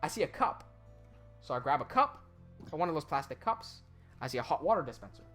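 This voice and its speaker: A young man telling a story in casual chat, animated, with quick asides and swearing. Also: fairly high pitch, over music.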